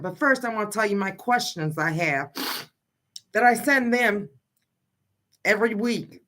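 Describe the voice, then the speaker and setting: A grieving middle-aged mother talks casually on a livestream, her mid-range voice fairly bright. Blunt and insistent, she reads out a list of questions, pressing one after another.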